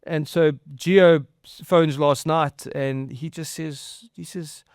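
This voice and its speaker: A man preaches a conversational sermon, his voice sitting high for a man. He talks in an earnest, halting way, stumbling over and repeating words as he goes. The sound is dry, with no room echo. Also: fairly even intonation, a little mellow, smooth. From outside the US. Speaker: pastor.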